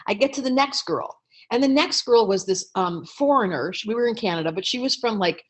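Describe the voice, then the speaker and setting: A middle-aged woman speaks in a fairly high voice and tells an audience a story with energy. She works as an astrologer and acts out the lines she quotes. Now and then she clears her throat. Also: a little fast. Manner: lively storyteller, acts out quotes with raised pitch. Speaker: astrologer and teacher.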